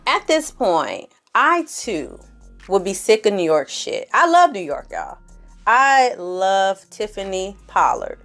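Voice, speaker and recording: A woman casually recapping a reality TV episode in an animated, sassy way, with slangy asides and acted-out quotes. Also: mid-range voice, slow pace, faint music behind.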